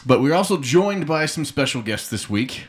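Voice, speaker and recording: A man's voice: a little high, big pitch swings, moderate pace. A man hosting a podcast in casual chat, upbeat and wry. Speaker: podcast host.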